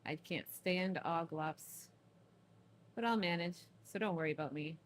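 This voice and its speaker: A woman reading a game's dialogue aloud, playing a gruff male thief leader with a put-on Southern American accent and a lowered, hammy voice. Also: a little slow, close to an everyday voice. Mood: bossy. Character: gruff middle-aged male leader of a thieves' band.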